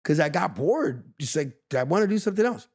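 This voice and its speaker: A man in his fifties from Los Angeles, a guest in a casual interview, telling lively stories and acting out other people's lines. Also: fairly high pitch, fairly quick. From Los Angeles, USA. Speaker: guest, veteran street dancer. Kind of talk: animated storytelling in a casual interview.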